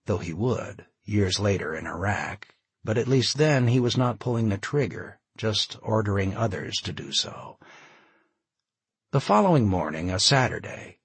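Low, husky male audiobook narrator. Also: dry recording. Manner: expressive, measured storytelling.

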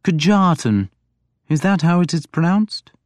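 A shrewd king who questions calmly and sternly, his voice pitched a little high, as a man reading the story puts him on. The delivery is measured and deliberate. It sounds close and dry, with no room around it. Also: no echo. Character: stern, shrewd, mild-spoken male king. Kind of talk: audiobook character voice.

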